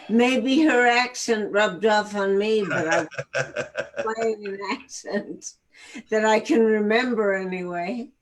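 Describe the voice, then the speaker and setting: Woman, New York accent, slow pace, relaxed, laughs easily, live video chat guest. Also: medium pitch. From the Bronx, New York. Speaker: guest actress.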